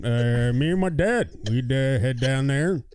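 A man's voice: mid-range voice, a little slow, a little mellow, clean tone, no room sound, close to an everyday voice. A man voicing a rambling, nostalgic old male sports fan who keeps saying uh. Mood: reminiscing. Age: older. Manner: rambling, full of uh's. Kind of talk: comedic podcast bit.

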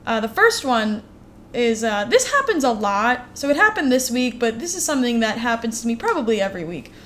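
A woman co-hosts a relaxed podcast chat, her voice sitting a little on the high side. She tells her stories in an animated way, stacking up "like" and "uh" as she goes. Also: brisk, slight background noise. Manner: animated storytelling with many fillers. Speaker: podcast co-host.

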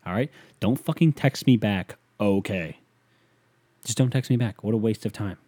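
A young man rambles through his solo podcast in a low voice, swearing freely and trailing off into mumbled asides. His delivery is loose and deadpan. The sound is dry and close, with no room around it. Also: fairly quick, slightly rough, no room sound. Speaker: podcast host. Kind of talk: casual solo podcast rant.

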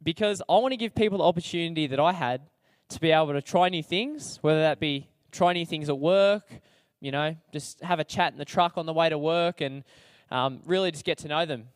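A man's voice: on the high side, brisk, hardly any pauses, clear, resonant tone, no echo. Chatty young Australian man, dry close sound. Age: young adult. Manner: chatty, slangy, self-deprecating, many fillers. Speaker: speaker sharing his testimony. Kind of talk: casual storytelling to an audience.

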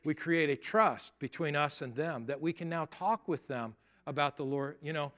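A middle-aged male pastor delivering a sermon in an earnest, emphatic way, often acting out the words of the people he describes. His voice sits somewhat high for a man and climbs when he presses a point. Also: moderate pace, fairly bright tone. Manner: earnest, emphatic preaching with rising intensity and acted-out quotes.

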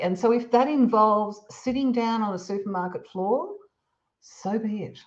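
A woman, a parenting expert guest, giving calm, measured advice in a podcast conversation. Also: mid-range voice, lo-fi sound. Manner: calm, measured, explains with examples.

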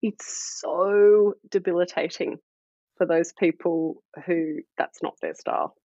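Husky energetic woman. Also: fairly low pitch, slow pace, no echo. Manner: energetic, self-deprecating storyteller. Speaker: guest, startup founder and former midwife. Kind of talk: casual podcast conversation. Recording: dull lo-fi dry audio.

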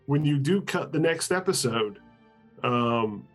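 A man chats loosely at a tabletop-game session, rambling and hedging with lots of "um" and quick laughs. His voice sits in the middle range, and faint music plays behind him. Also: medium pitch, animated. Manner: rambling, hesitant, laughs often. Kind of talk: casual chat in a tabletop game podcast.

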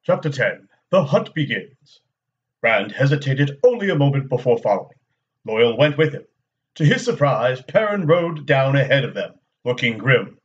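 A man's voice: mid-range voice, moderate pace, muffled recording. A man reading a chapter of a fantasy novel aloud for a podcast, voicing the quoted lines as he goes. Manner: steady storytelling read with quoted dialogue. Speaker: guest reader.

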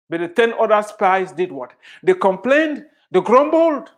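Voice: medium pitch, big pitch swings, unhurried. A preacher delivering a sermon emphatically, repeating phrases for weight and putting rhetorical questions to the listeners.

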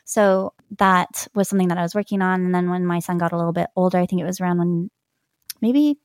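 Chatty woman with a lowish voice. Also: completely flat delivery, fast, no echo, clean studio sound. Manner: chatty, laughs often while telling stories. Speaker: guest, language learner. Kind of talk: casual interview storytelling.

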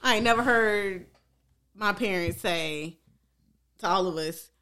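A woman from the Nashville area with a Southern accent, chatting casually in a blunt, profane, animated way. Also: mid-range voice, measured pace, smooth. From Goodlettsville, Tennessee. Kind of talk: casual chat.

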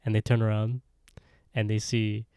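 A man co-hosting a podcast, casually retelling a horror episode and acting out the characters' lines in quick voices. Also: on the low side, level tone, mellow, clear, resonant tone, dry recording, studio quality. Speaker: podcast co-host.

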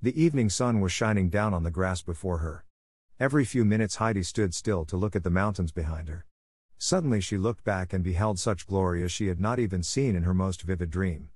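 A man narrating an audiobook in a steady, measured reading. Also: low voice, no echo, studio quality.

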